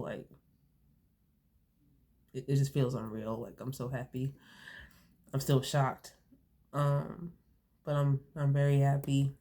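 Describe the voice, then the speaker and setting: A woman's voice: sits low, mellow. A young woman vlogging casually to her viewers, rambling with lots of fillers and restarts, a bit sniffly from allergies. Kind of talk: casual storytelling to camera.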